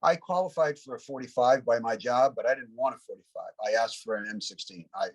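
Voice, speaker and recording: A man in his seventies with a husky, slightly worn voice sits for an interview about his time as a Vietnam veteran. He tells long, meandering anecdotes, often stopping for "you know" and small restarts. His pitch sits in an ordinary middle range. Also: a little fast, rough recording. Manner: rambling anecdotal storyteller, frequent "you know" asides. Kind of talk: reflective war storytelling.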